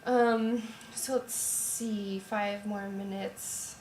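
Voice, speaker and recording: A young woman voice teacher calmly explaining and demonstrating a vocal warm-up at home. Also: medium pitch, extremely slow, background noise. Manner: calm, explanatory, sings scale demos. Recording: roomy echo, voice from a distance, piano. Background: piano.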